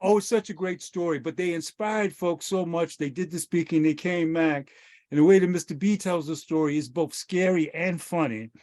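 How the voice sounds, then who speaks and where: Man on a video call spinning a story, higher voice, acts out the quotes. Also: normal speed, darkish tone. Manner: vivid storyteller who acts out quoted lines. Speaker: guest sharing memories.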